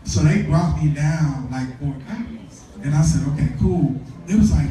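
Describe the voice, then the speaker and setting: A man hosting a live podcast, talking in a slangy, excitable, rambling way. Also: on the high side, normal speed, hardly any pauses. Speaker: podcast host. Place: live podcast event before an audience. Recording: roomy venue, distant mic.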